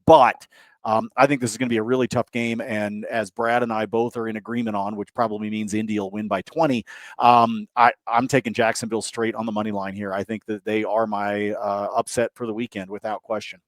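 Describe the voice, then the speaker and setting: Steady, reasoned male betting co-host. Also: on the low side, a little fast, dry recording. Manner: steady, reasoned, lots of "I think". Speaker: sports betting podcast co-host. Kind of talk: casual betting analysis.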